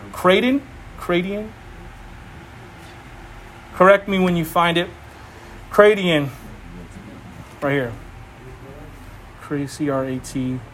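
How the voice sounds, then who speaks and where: A man preaching an informal sermon, animated and emphatic, repeating phrases and laughing often. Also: high voice, a little hiss or hum. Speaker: preacher teaching a Bible study.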